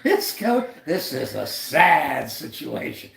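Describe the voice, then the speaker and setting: A man's voice: slow pace, gravelly, reverberant. An American man hosting a casual livestream, rambling and laughing as he talks. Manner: animated, rambling, laughing, mimics friends in high voices. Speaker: livestream host.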